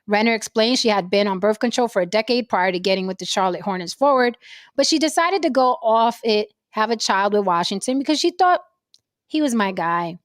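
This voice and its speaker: A woman's voice: medium pitch, expressive, brisk, no echo, clean studio sound. A woman hosting a podcast, ranting about celebrity gossip in a brash, profane, blunt manner. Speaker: podcast host.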